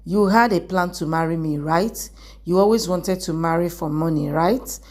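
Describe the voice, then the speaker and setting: A woman's voice: fairly low pitch, moderate pace, darkish tone, close to an everyday voice. A woman reading the lines of an angry, vengeful young man in a scripted drama recap, in a level voice. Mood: bitter.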